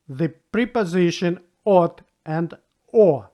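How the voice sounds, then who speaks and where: Guy teaching a beginner lesson, slightly high voice, talks slow and patient. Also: highs cut off. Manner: patient, spells out rules and repeats example words. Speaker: language teacher. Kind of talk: slow spoken language lesson.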